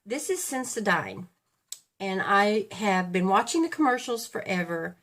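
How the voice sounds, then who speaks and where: This beauty vlogger in her fifties is very animated, with a mid-range, slightly bright voice and a somewhat slow pace. She chats casually while getting ready at home, rambling and stopping to correct herself.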